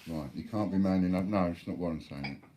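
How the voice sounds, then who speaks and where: A man's voice: sits low, fast, dark tone, slight background noise. A man replying bluntly to viewer chat during a live stream, swearing freely.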